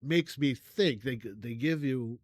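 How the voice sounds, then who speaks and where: An older man talks casually to his viewers from his computer, rambling with plenty of ums and restarts. He is effusive with gratitude and keeps coughing and clearing his throat. His voice sits at an ordinary pitch and sounds dry and close. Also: dry recording. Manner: rambling, halting, many fillers and restarts; effusive, warm toward viewers. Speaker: music reaction channel host. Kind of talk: casual thank-you chat to viewers.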